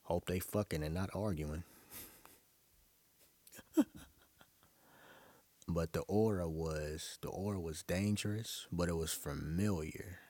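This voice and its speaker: A young New man with a very low voice, speaking in a dry, close recording. He rambles through a casual monologue, loose and profane, with plenty of filler. He sounds relaxed and conversational. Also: slow pace, pauses often, dry recording. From Brooklyn, New York. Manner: loose, profane, rambling storytelling with frequent laughs.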